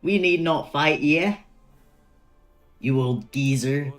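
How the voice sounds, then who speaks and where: A man's voice: fairly high pitch, takes it slowly, soft background music. A man voicing a brash British gang enforcer in a put-on British accent, mock-menacing and exaggerated. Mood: taunting.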